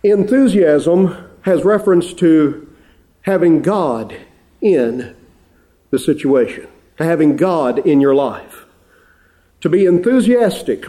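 Middle-aged male preacher, mellow and slightly high voice, earnest pulpit delivery with fervent swells. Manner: earnest, rising to fervent appeals. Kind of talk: sermon.

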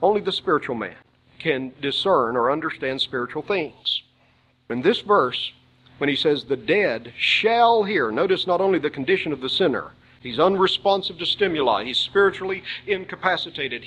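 A man preaching a sermon, reading scripture slowly and emphatically and answering his own rhetorical questions. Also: fairly high pitch, a bit bright, husky, low-quality recording.

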